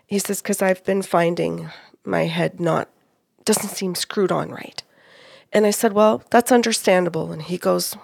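Middle-aged woman host, gravelly, close dry mic, animated storyteller. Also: mid-range voice, normal speed, dry recording. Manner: animated, quotes spirits and clients, laughs often. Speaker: psychic medium, co-host. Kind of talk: storytelling about a reading.

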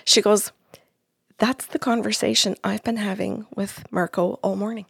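A woman's voice: medium pitch, flat delivery, normal speed, creaky, fairly bright tone, breathy edge, dry recording, studio quality. A woman psychic medium telling the story of a reading in casual chat, acting out each side of the talk in quotes. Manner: retells a reading in quoted dialogue.

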